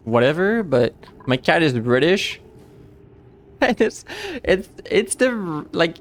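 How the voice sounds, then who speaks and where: A man's voice: a little high, a little hiss or hum. A man streaming a game live, chatting casually and rambling with many restarts and fillers. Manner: rambling, halting with frequent restarts.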